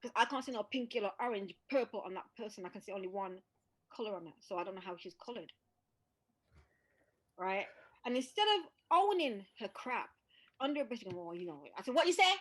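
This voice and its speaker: A woman's voice: medium pitch, animated, fairly quick. A middle-aged woman in casual chat, an outspoken storyteller who acts out the voices of people in her stories. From England. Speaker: podcast host.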